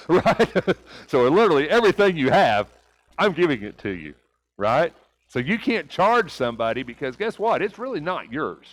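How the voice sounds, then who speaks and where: A man's voice: on the high side, big pitch swings, normal speed, poor audio. A man teaching a church Bible class, asking rhetorical questions and often checking in with "right?".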